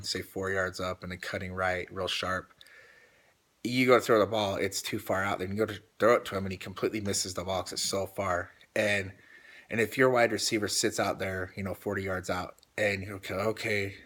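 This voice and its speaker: A man with a somewhat low voice, talking casually as he recaps a call he took notes on. He rambles, retells what was said at length and restarts his sentences often. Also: a bit bright. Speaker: team coach recapping a call.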